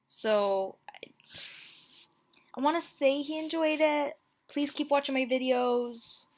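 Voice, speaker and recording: A woman's voice: high-pitched, takes it slowly. A young woman in her twenties reading out dating-app messages in a playful, self-mocking vlog. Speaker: YouTuber. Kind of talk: casual vlog commentary. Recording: home mic, plain audio quality.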